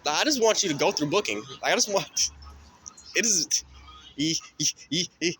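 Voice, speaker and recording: With a fairly high, animated voice that's pushed, bright and slightly rough, a man vlogs while walking a city street at night. He moves at a moderate pace through a profane, rambling stream of thought. Passing cars and faint street noise sit in the background.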